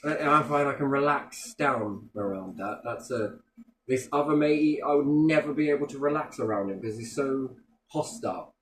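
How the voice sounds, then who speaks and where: A man's voice: medium pitch, normal speed. A man with a mid-range voice tells stories in a loose, casual chat. He is blunt and swears constantly, acting out the people he quotes. The room around him is echoey, with a faint hum beneath.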